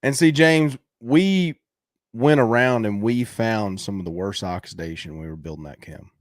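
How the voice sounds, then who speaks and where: A man's voice: lowish voice, normal speed, dry recording, studio quality. A man hosting a casual livestream, reacting to viewer videos in a brash, coaching way, swearing casually and laughing often.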